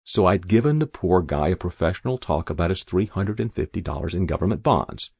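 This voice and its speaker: A man's voice: sits low, lively intonation, brisk, creaky, a little mellow, breathy edge, no room sound. A man reading a first-person story aloud in a wry, dry storytelling manner. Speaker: narrator. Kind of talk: audiobook narration.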